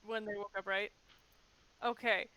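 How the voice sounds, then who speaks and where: Bright-voiced playful woman player. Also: medium pitch, little pitch movement, moderate pace, poor audio. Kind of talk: casual tabletop play.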